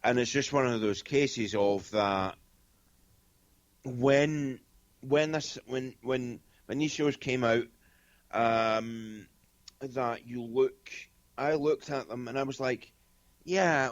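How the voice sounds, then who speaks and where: A man's voice: medium pitch, slow, muffled recording. A Scottish man speaking as a guest medium in a casual interview, blunt and straightforward, rambling with lots of fillers. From Scotland.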